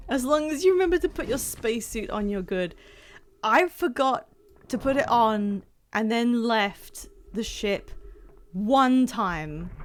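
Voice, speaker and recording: A woman streamer chatting casually and excitably while she plays, laughing at herself. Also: medium pitch, slight background noise. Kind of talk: casual live-stream chat while gaming.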